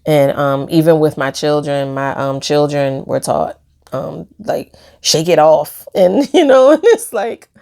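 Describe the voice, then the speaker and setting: Woman vlogging about her feelings, kinda low and croaky, lots of ums and soft laughs. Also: animated, unhurried. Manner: soft-spoken, hesitant, many fillers, laughs while talking about pain. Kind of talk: personal reflective video diary.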